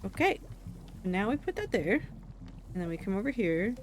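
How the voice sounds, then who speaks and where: A woman's voice: medium pitch, sing-song, moderate pace, slight background noise. A young woman streaming a game, chatting casually with playful, mock-exasperated remarks.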